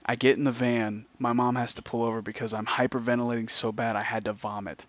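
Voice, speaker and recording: A man's voice: mid-range voice, little pitch movement, quick pace, no echo. Casual swearing man telling stories, lo-fi. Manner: swearing, laid-back storyteller acting out voices. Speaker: podcast host. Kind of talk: casual chat, storytelling. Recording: dull lo-fi sound.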